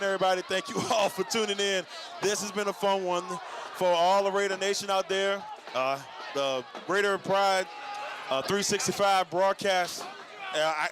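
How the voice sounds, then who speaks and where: A high-sitting male play-by-play announcer calls a live football game, shouting excitedly in a casual, folksy way with lots of "y'all." He sounds winded and out of breath, and the noisy outdoor stadium broadcast is full of crowd and stadium sound.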